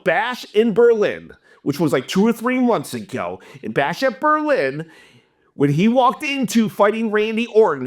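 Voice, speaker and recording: A young man hosting a wrestling channel, delivering an animated, exasperated opinion rant to camera. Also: high-pitched.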